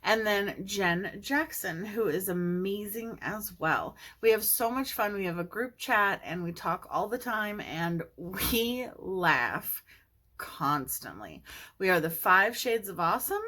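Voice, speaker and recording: A woman's voice: medium pitch, lively intonation, takes it slowly, bright, forceful tone. A woman hosting her own beauty channel, chatting casually and gushing enthusiastically about her friends and a makeup collaboration. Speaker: beauty YouTuber. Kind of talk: casual makeup vlog chat.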